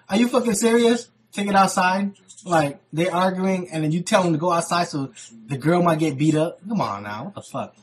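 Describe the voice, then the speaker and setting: A man's voice: on the high side, husky. A young man vlogging, telling stories casually with heavy slang and swearing, acting out what people said. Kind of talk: casual storytelling.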